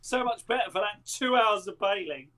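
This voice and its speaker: A man's voice: sits high, animated, moderate pace, a bit bright, a little hiss or hum. A man playing a tabletop role-playing game in character, hearty and jokey, calling everyone lad. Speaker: player.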